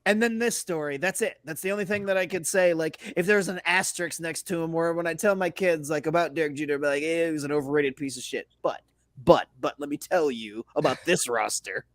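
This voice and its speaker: A man's voice: fairly high pitch, brisk, fairly bright tone, no echo, clean studio sound. A young man co-hosting a casual sports podcast, ranting with lots of profanity and "like" fillers. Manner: frequent "like" fillers and restarts. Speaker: podcast co-host.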